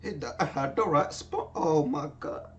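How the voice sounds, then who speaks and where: A young man reacting to clips in casual, profane commentary, excitable and stumbling over his words. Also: on the high side, moderate pace, dull audio. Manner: excitable, profane, stammering and restarting. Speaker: reaction video host.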